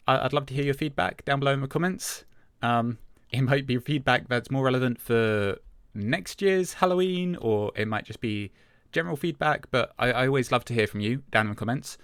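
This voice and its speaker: A man's voice: mid-range voice, moderate pace, smooth, dry recording, clean studio sound. Hesitant man narrating his gameplay. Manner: hesitant, lots of "uh" and "um" fillers; relaxed, self-talking as he plays. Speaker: Minecraft let's-play host. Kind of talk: casual gameplay commentary.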